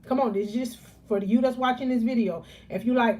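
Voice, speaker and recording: A woman life coach giving a live motivational talk, preachy and emphatic, repeating key phrases and stressing words slowly. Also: a little high, darkish tone.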